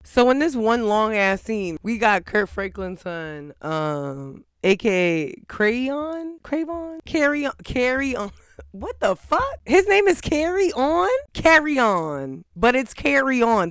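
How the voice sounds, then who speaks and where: A man's voice: extremely high pitch, a little slow, clear, resonant tone, dry recording, clean studio sound. Profane man recapping a reality show. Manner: profane, laughing, animated rant. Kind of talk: casual commentary on a TV episode.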